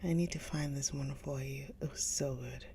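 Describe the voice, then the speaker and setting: A woman hosting a live book stream, chatting casually with viewers, gushing and often slipping into a soft whisper. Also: rumbling low, fairly even intonation, normal speed, vocal fry, a little hiss or hum. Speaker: livestream book reader host.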